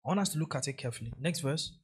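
A man's voice: mid-range voice, expressive, rapid-fire, husky. A man preaching a sermon as pastor, hammering key phrases through repetition and drawing the congregation in to repeat and answer.

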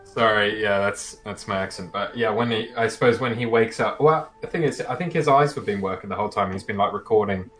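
Hesitant low-voiced man, casual. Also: brisk, few pauses, fairly bright tone. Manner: hesitant, many fillers and restarts. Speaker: player. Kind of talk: casual chat describing his character.

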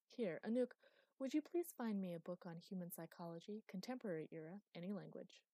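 A woman's voice: lowish voice, brisk, mellow, no room sound, natural voice. Brief: teasing, evasive immortal mistress of a magic library, audiobook, read by a woman; dry close sound.

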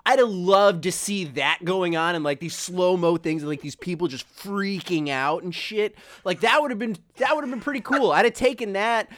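A man's voice: high-pitched, normal speed, few pauses, a bit bright, no room sound, studio quality. A man co-hosting a TV recap podcast in loose, profane, emphatic chat. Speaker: podcast co-host.

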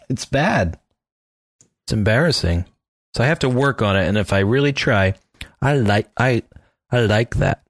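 A man's voice: mid-range voice, animated, moderate pace, long pauses, no echo, studio quality. A man co-hosting a podcast in playful, self-mocking casual chat. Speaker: podcast co-host.

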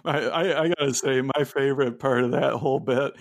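Podcast co-host guy, mid voice, quick jokey asides. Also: mid-range voice, steady tone, vocal fry. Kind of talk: casual podcast chat.

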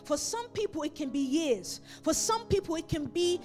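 A woman's voice: very high-pitched, expressive, normal speed, a little mellow, soft background music. A woman preaching a sermon, emphatic and building her points through repeated phrases.

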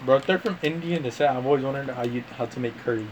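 A man's voice: mid-range voice, fast talker, a little hiss or hum. A man in casual gaming chat, crude and joking, who laughs often.

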